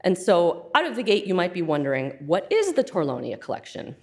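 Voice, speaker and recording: A woman's voice: lowish voice, big pitch swings, brisk, darkish tone. A woman in her forties from the Chicago area, a curator giving a public lecture at a museum, chatty with frequent ums. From Chicago area, USA. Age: 40s. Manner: emotional and chatty at first, with many ums. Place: museum auditorium.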